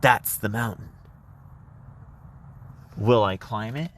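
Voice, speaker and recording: A man's voice: fairly low pitch, takes it slowly, a bit bright, a little hiss or hum. Rambling man streaming live on a phone. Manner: casual, rambling, swears. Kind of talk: live stream reading and chat. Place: outdoors.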